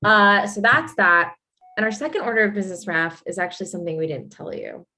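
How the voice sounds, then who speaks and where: A young woman co-hosting a casual podcast chat, joking and teasing her guest in quick bursts. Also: mid-range voice, expressive, pushed and bright. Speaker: co-host.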